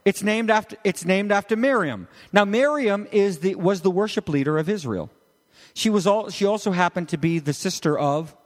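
Lively man preaching in an echoing hall. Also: fairly high pitch. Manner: animated, conversational, full of rhetorical questions. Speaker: pastor. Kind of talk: sermon. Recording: long reverb of a large hall.

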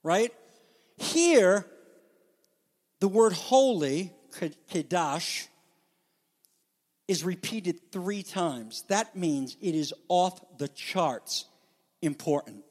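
A man preaching a sermon as pastor, with animated, dramatic emphasis, speaking to a congregation. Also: sits high, very slow, pauses often. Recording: long hall reverb.

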